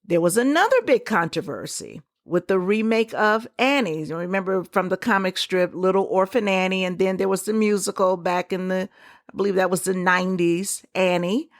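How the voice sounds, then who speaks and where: A woman hosting a solo podcast, giving her opinions in a conversational, emphatic way with quick asides. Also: medium pitch, no echo, studio quality. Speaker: podcast host.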